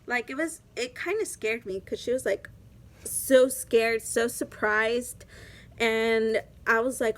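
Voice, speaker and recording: A woman's voice: on the high side, steady tone, unhurried. A young woman vlogger telling a personal story in a casual, chatty way, full of "like" fillers.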